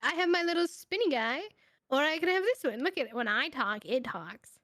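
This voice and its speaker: A woman's voice: high voice, expressive, brisk, fairly bright tone, dry recording, clean studio sound. A woman chatting casually on a call with a streamer, teasing and giggly. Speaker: guest on a call.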